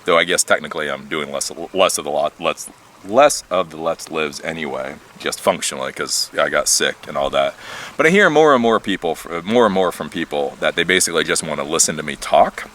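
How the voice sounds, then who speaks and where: Animated rambling man talking outdoors. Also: very deep voice, a little fast, slight background noise. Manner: rambling, animated, swears casually, laughs often. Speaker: tech YouTuber. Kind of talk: casual monologue vlog.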